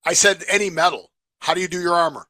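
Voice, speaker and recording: Bright, needling male podcast co-host. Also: sits high, fast, no room sound. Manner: teasing, keeps pressing with questions. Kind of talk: casual chat.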